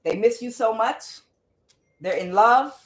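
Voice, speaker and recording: Her voice sits a little high, and she takes her time. The woman is doing a casual tarot reading, cursing bluntly and talking to the Holy Spirit out loud as the cards come up.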